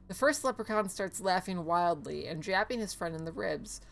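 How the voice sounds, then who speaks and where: A woman's voice: mid-range voice, animated, moderate pace, faint music behind. A woman streamer casually commenting on a game and reading in-game emails aloud, with sarcastic asides and frequent laughter.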